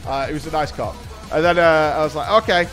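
A British man in his thirties hosting a podcast, telling a story in a casual, animated way and swearing freely. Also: on the high side, quick pace, soft background music. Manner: animated, swears, laughs while telling stories. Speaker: podcast host.

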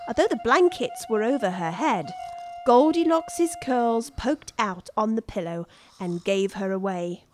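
A woman reading a children's story aloud, expressive and unhurried. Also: on the high side. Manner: slow, lively, expressive. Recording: dry studio with soft music.

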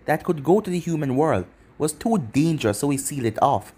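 A man's voice: fairly high pitch, lively intonation, fairly quick, mellow, husky. A man voicing a seductive, scheming demoness witch with a sardonic, teasing manner. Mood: sly.

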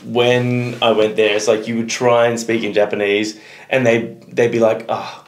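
A man's voice: medium pitch, level tone, normal speed. Joking Australian man, roomy echo. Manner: jokey, crude, laughs easily. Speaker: reaction channel co-host. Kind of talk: casual banter. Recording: echoey room with faint noise.

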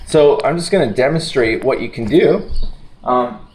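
A man with a morning voice, talking casually to camera in a relaxed, rambling way with many fillers. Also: mid-range voice, moderate pace. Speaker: wellness vlogger. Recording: roomy echo.

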